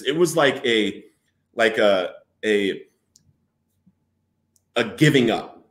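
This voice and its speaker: A man as an interview guest, telling a personal recovery story in an earnest, halting way with many restarts. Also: on the low side, expressive, reverberant.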